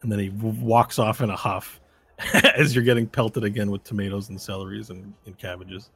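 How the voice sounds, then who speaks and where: A man's voice: fairly low pitch, level tone, moderate pace, fairly bright tone, breathy edge, dry recording. A man narrating as game master of a tabletop game, rambling with many fillers.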